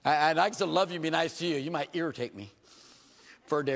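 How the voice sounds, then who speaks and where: A man preaching a sermon in a church, animated and joking, with rhetorical questions to his congregation. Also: on the high side, rapid-fire, gravelly. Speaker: pastor. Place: church hall. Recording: reverberant church hall.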